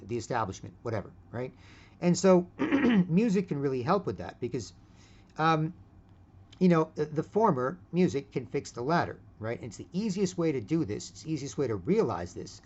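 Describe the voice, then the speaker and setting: A man's voice: medium pitch, darkish tone, slightly rough. A middle-aged man in a casual, rambling monologue, blunt and profane, tagging "right?" onto his phrases. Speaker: video host. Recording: dull lo-fi recording.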